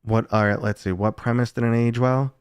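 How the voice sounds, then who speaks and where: A man in his thirties from the United States talks loosely on his live stream, telling stories and answering chat with casual swearing. His voice is smooth and resonant at a middle pitch. The sound is dry and close. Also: steady tone, normal speed, dry recording.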